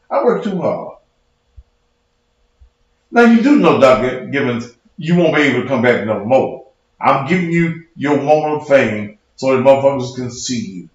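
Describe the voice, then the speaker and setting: A man's voice: mid-range voice, animated, measured pace, a little mellow, highs cut off. A man who preaches and hosts his own show, in a heated livestream rant, profane, combative and mocking. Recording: very echoey room.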